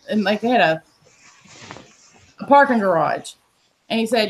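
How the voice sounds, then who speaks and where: A woman's voice: medium pitch, lively intonation, fairly quick, fairly bright tone. A woman telling a story in a casual, blunt and profane way. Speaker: podcast host telling a story.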